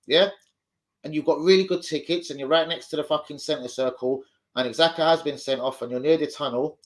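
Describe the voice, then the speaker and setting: A man hosting a live stream, debating football bluntly, swearing freely and arguing with his chat. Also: medium pitch.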